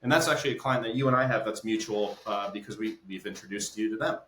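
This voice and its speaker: A man's voice: on the low side, fast, fairly bright tone. A male business consultant as an interview guest, explaining through stories and checking in with "right?". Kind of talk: conversational interview. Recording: roomy echo.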